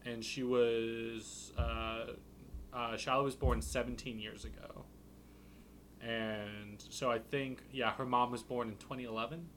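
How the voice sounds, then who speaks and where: A man with a bright, forceful voice co-hosts a casual podcast. He recaps a musical with sarcastic jokes and now and then slips into silly voices. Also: mid-range voice, little pitch movement, unhurried, a little hiss or hum. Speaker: podcast co-host.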